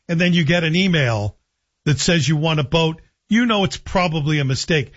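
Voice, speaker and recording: Male talk radio host, husky voice, slightly high pitch, wry and chatty, dull lo-fi broadcast sound. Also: animated, a little fast. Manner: chatty, wry, self-deprecating asides. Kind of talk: casual radio monologue.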